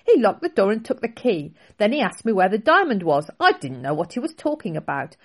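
A woman's voice: medium pitch, very animated, brisk, breathy edge, voice pushed up. A woman voicing a tiny, feisty old grandmother who scolds indignantly, in a storybook reading.

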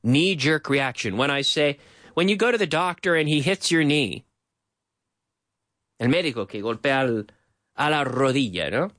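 A man's voice: mid-range voice, lively intonation, moderate pace, long pauses, fairly bright tone, dry recording, studio quality. A man teaching English in a live-streamed lesson, repeating phrases to drill them and switching between English and Spanish.

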